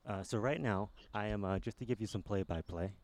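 A man from hosting a podcast, talking in a dry, low-key way while walking through a park with a handheld mic. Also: fairly quick, darkish tone. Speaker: podcast host. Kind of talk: casual remote chat. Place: outdoors in a city park. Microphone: handheld microphone.

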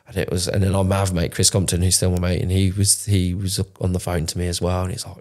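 Gravelly deep-voiced man, raw. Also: steady tone, fast talker, hardly any pauses, darkish tone. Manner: raw, emotional, swears often, restarts sentences. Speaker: podcast co-host. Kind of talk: candid conversational storytelling.

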